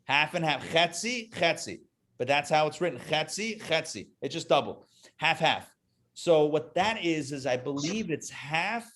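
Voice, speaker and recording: A man's voice: fairly high pitch, a bit bright. Chatty man teaching a Hebrew reading class. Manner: chatty and joking, drills syllables aloud. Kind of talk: live online class teaching.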